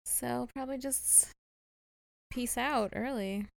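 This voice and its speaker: A woman of about thirty co-hosting a podcast in casual chat, relaxed and playful, tired and yawning. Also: a little high, takes it slowly, creaky, dry recording, studio quality. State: sleepy, yawning. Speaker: podcast co-host.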